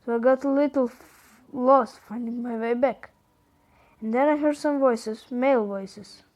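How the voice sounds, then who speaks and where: Guy reading as a scared young woman in the dark, croatian accent, breathless panicky texting. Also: very high voice, steady tone, unhurried.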